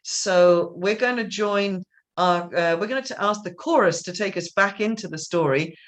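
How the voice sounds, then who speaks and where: A woman's voice: mid-range voice, normal speed. A woman directing a theatre company, chatting casually over a video call and often restarting her sentences. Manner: rambling, chatty, with many restarts and laughs. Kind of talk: casual chat.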